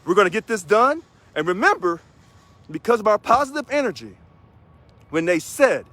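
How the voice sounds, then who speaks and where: A man from Missouri, a union president, giving an energetic video address to union members and emphatically repeating key phrases. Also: high-pitched, normal speed, pauses often, no room sound.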